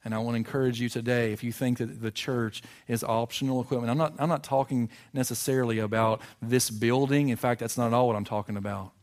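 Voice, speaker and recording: A man's voice: fairly even intonation, fast, few pauses. Earnest male pastor preaching. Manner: earnest, builds to emphatic rises then drops low. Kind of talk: sermon. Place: church sanctuary.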